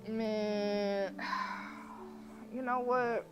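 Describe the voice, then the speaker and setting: A woman streaming a horror visual novel, reading the game text aloud and chatting with viewers in a lively, talkative way. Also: medium pitch, drawn-out words. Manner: chatty, animated, vents to chat. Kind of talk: casual game stream with read-aloud narration. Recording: music playing behind.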